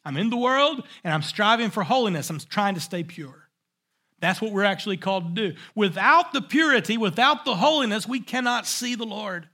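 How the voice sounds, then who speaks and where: A man preaching a sermon in a high, bright voice that carries an edge of intensity. He leans hard on his points and circles back to repeat the key phrases so they land. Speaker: pastor.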